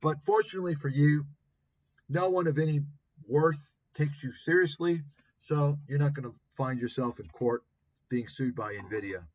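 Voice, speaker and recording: A man hosting a livestream, ranting about video clips with profane, combative scorn and a husky voice. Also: fairly high pitch, normal speed, a little mellow, dry recording. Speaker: commentary livestream host. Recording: dull lo-fi stream audio.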